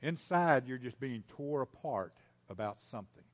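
Emphatic preacher man, mid-pitched. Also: lively intonation, normal speed. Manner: emphatic, repeats key lines, swings from loud to hushed; speaks directly to the congregation as folks. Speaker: pastor. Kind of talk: sermon.

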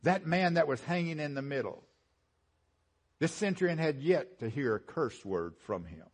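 A man preaching a sermon, swinging from rising, emphatic build-ups to hushed low lines and repeating phrases for emphasis. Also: expressive, moderate pace, slightly rough.

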